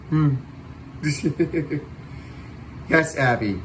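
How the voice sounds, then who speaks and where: A man hosting a livestream, calling a virtual air show in playful announcer style with loud whoops. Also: medium pitch, a little slow, a little hiss or hum. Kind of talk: playful air show commentary over a flight sim stream.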